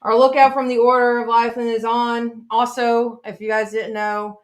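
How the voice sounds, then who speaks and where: A woman co-hosting a casual interview show, chatty and joking with quick asides. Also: on the high side, level tone. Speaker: podcast co-host.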